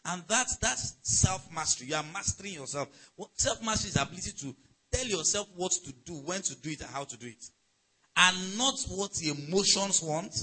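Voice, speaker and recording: Husky, bright-voiced pastor preaching. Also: male voice, a little high, poor audio. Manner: emphatic preaching with swings between loud and soft, checking in with the congregation. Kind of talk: sermon.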